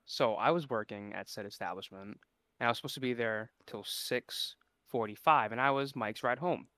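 A man's voice: mid-range voice, normal speed, bright, forceful tone, no room sound. A man telling an exasperated retail story in a casual podcast chat, mimicking customers. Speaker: podcast co-host.

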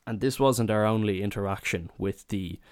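A young man with a fairly low voice spins a rowdy holiday story, cursing often and throwing himself into the voices of the people in it. The sound is close and dry, with no room around it. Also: normal speed, a little mellow, dry recording. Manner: swears a lot, acts out quotes in raised voices. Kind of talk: casual comedic anecdote.

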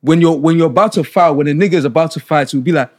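Animated young man from Nigeria, dry sound. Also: a little high, very fast, dry recording. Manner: animated storyteller, slangy. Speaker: podcast co-host. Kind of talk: casual chat.

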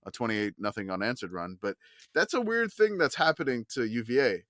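A man's voice: mid-range voice, sing-song, brisk, fairly bright tone, no echo. Podcast co-host, male, rambly and self-correcting, dry close-mic sound. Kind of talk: casual sports chat.

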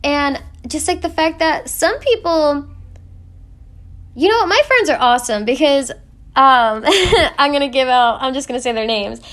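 A woman's voice: high-pitched, animated, measured pace, fairly bright tone. A young woman sharing a personal faith testimony in an earnest, emotional way, with many fillers. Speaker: faith vlogger.

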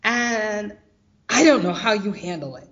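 A woman guest telling a personal story of hardship and faith, animated and acting out the voices of others. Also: medium pitch, measured pace, muffled recording. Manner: animated, acts out quoted voices.

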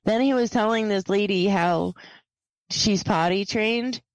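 A woman co-hosting a casual podcast, telling a story slowly with laughs and exasperated asides. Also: mid-range voice, no room sound, rough recording. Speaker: podcast co-host. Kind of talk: casual chat.

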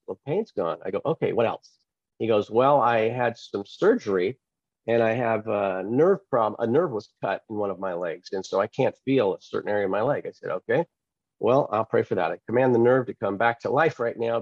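Lively low-voiced man telling a story. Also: brisk, slightly rough, no room sound, muffled recording. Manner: animated, acts out quoted dialogue. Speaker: pastor and author, guest. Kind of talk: storytelling testimony in an interview.

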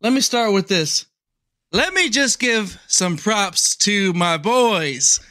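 Male co-host, high bright crisp voice, dry close sound, playful hype. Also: animated, slow pace, dry recording. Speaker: podcast co-host. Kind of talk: casual chat.

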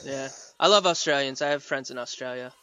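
Bright-voiced rambling man on a podcast. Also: mid-range voice, brisk, clear, resonant tone. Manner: rambling, many "like" fillers, laughs often. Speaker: podcast co-host and dinosaur artist. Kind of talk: casual podcast chat.

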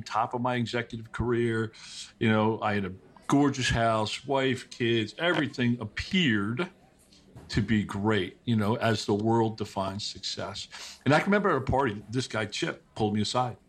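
A middle-aged man, a podcast guest, telling personal stories in a casual, animated way, with many restarts and quick asides. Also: medium pitch. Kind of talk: casual conversational storytelling.

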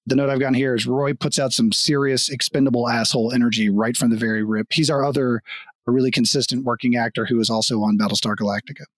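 A man's voice: medium pitch, fairly even intonation, quick pace, fairly bright tone, dry recording. Profane man recapping an episode, dry sound. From Kansas. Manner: loose, profane, laughs while talking. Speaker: podcast co-host. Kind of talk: casual chat recapping a TV episode.

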